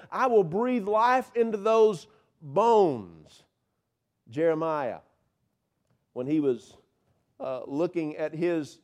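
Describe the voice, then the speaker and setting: A male pastor delivering a sermon, swinging from loud, drawn-out emphasis to soft, hushed passages. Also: a little high. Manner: drawn-out, slowed words for emphasis.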